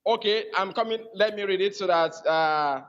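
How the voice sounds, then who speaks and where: A man from Nigeria, calling into a debate show over a phone and speaking in a hesitant, halting way. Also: high voice, a bit bright. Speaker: caller. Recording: muffled phone call.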